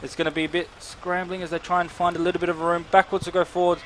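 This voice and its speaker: A man calling play-by-play at a local football game in a steady way. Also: sits high, quick pace, slight background noise. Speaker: football commentator. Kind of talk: play-by-play commentary.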